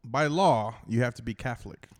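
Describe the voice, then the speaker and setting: A man's voice: medium pitch, a little fast. A man chatting as a podcast guest, loose and slangy, tossing in "bro" and curse words. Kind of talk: casual chat.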